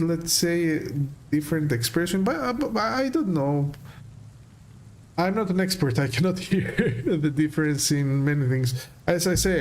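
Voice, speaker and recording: A man's voice: on the high side, gravelly, darkish tone, a little hiss or hum. A man casually commenting while he plays a video game, hesitant, with many fillers, restarts and laughs. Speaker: game streamer. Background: faint game music.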